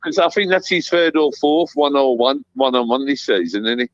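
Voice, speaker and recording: A man calling into a football phone-in, excitable and swearing. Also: medium pitch, moderate pace, no echo, muffled recording. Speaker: caller. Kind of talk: phone-in chat.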